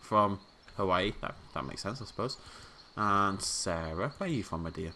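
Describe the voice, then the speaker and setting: Male game-video host, chatty and joking, low voice with a sharp edge. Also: lively intonation, normal speed. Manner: playful, chatty, talks to the game characters. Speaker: let's play host. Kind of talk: casual gameplay commentary.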